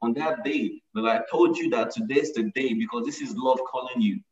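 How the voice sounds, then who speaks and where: A man's voice: mid-range voice, a little fast, a little mellow. A man preaching a sermon with emphasis, often repeating his lines to drive them home. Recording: echoey, distant, dull sound.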